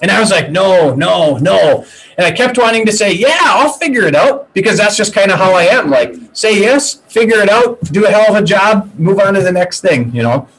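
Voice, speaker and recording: A man's voice: high voice, brisk, few pauses, poor audio. A man who works as a business coach, telling a personal story in a casual podcast interview and acting out past conversations. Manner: animated storyteller retelling conversations.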